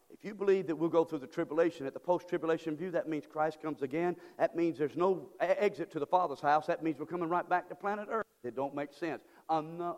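A male pastor with a high voice delivers a sermon from the pulpit. He drifts between quiet, stumbling asides and loud, stretched-out preaching. The sound carries a long church-hall reverb. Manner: swings from quiet, halting talk to loud, drawn-out preaching. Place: church sanctuary.

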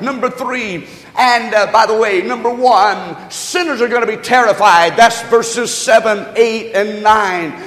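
Preacher guy, high pitched, slows down and shouts the big lines, long church echo. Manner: preaching with slowed, shouted emphasis and scripture reading; calls to the congregation for amens and note-taking. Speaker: pastor. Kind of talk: sermon. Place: church sanctuary. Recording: echoey hall, long reverb.

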